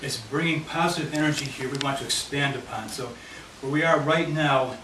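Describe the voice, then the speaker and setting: Here a man of medium pitch speaks a bit quickly, guiding a committee through the handout map showing his neighborhood. He's in a meeting room; the sound echoes, the mic is far off, and background noise is heavy.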